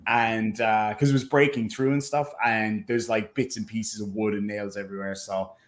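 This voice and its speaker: A man with an Irish accent worn down by years away, chatting casually as a podcast co-host and telling lively stories. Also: fairly low pitch, normal speed, a little hiss or hum. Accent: Irish, softened by living in America. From Ireland. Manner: chatty storyteller, animated, slipping into impressions. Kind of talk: casual chat.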